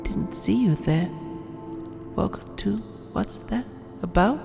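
A man's voice: sits high, lively intonation, slow pace, vocal fry, voice pushed up, heavily acted. A man putting on a creepy, crooning ASMR host voice in whispered role-play. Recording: long reverb with music behind.

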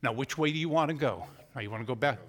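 A man preaching a sermon who acts out voices and swings from loud to hushed. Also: medium pitch, fast talker, in a large hall. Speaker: pastor. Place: church.

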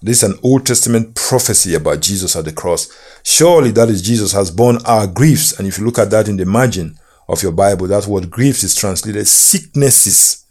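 A man preaching a sermon, slow and emphatic, reading and quoting scripture with measured repetition. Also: lowish voice, a little mellow.

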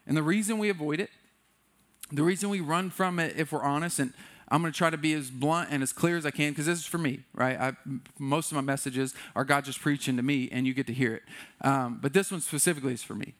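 Earnest pastor preaching, fairly high voice. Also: male voice, fast talker. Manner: candid, self-deprecating preaching; swings between animated bursts and quiet earnest stretches. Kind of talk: sermon.

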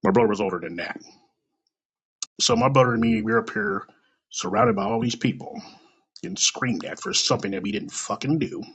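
A man tells a story from his own life with a rough, gravelly and husky voice. His pitch rises and falls in lively swings. He speaks bluntly, swears freely and puts raw emotion into the telling. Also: brisk, pauses often, highs cut off. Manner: blunt, profane, emotional retelling. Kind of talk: personal story told aloud.

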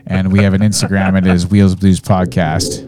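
Deep-voiced laid-back podcast host. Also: male voice, little pitch movement, normal speed, background noise. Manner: loose, joking, hands out the sign-off. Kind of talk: casual banter.

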